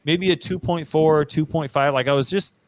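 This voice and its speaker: A man with a slightly high, steady voice speaks fairly quickly, with no echo, as he hosts a casual podcast. He tells his own story in a slangy, self-deprecating, emphatic way, frequently saying "bro" and "dude."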